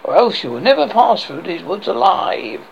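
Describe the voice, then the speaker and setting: A man's voice: high voice, big pitch swings, moderate pace, gravelly, heavily acted. A man voicing a stern, haughty knight leader issuing demands, on a dull lo-fi recording with faint hiss. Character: stern male leader of eerie forest knights.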